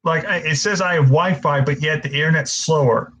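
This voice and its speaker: A man's voice: a little high, a little fast, a bit bright, slight background noise, low-quality recording. A young man hosting a casual live-stream Q&A, frustrated and stammering, swearing often as he answers viewers.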